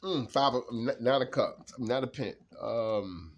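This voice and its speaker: A man giving a casual, rambling tarot card reading, laughing often and swinging between low mutters and loud bursts. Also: unhurried, dull audio.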